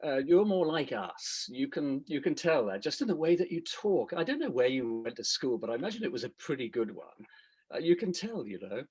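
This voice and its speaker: A man playing a pompous, clueless gentleman with prejudiced views, patronizing and tripping over his own words in a comedic role-play. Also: medium pitch, sing-song, a little fast, slightly rough. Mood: condescending. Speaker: consultant acting out a skit.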